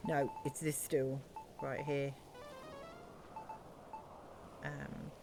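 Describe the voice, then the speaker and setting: A woman's voice: a bass voice, flat delivery, takes it slowly, creaky, music in the background. A woman streaming a building game, chatting casually and thinking aloud with many ums. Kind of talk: casual live-stream chat.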